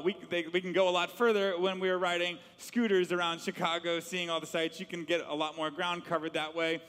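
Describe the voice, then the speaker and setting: A middle-aged man, a pastor, preaching a sermon with animated storytelling and repeated words. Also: sits high, big-room sound.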